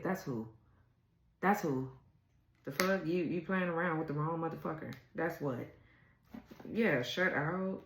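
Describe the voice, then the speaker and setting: A woman's voice: on the low side, moderate pace, echoey room, low-quality recording. A woman doing a casual tarot reading, blunt and exasperated, swearing freely as she reads the cards. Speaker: tarot reader.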